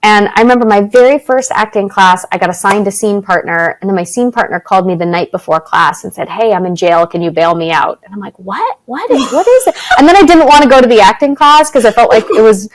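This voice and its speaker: On an interview podcast, a middle-aged Canadian actress and spiritual teacher speaks fast with few pauses in a medium-pitched voice. She shares personal stories casually, laughing and acting out quotes, and the audio quality is poor.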